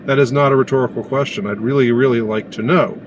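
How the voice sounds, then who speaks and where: A man giving a casual opinion monologue, indignant and sarcastic, pausing often as he talks. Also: mid-range voice, fairly even intonation, noisy background. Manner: indignant and sarcastic, halting with many pauses. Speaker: commentator.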